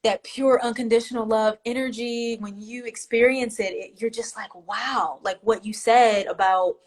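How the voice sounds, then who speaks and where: A woman's voice: a little high, fairly even intonation, normal speed. Guest, woman, spiritual healer, heartfelt and emotional delivery, video call. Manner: emotional and warm-hearted, speaks in spiritual terms. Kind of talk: casual interview talk.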